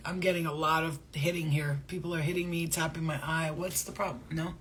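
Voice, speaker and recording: Profane, rambling woman with a low voice. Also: fairly even intonation, a little fast, slight background noise. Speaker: spiritual reader. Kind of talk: casual spiritual reading to camera.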